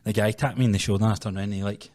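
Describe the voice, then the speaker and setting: A Scottish man and personal trainer co-hosting a casual podcast, telling sweary, animated stories with quick restarts. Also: on the low side, no echo, clean studio sound.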